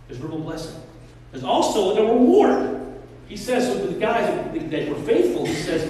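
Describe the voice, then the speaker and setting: A man's voice: high voice, moderate pace, slight background noise. A man preaching a sermon as pastor, in a casual, joking, storytelling way. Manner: conversational, joking, animated storytelling. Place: church hall. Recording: echoey hall, mic far off.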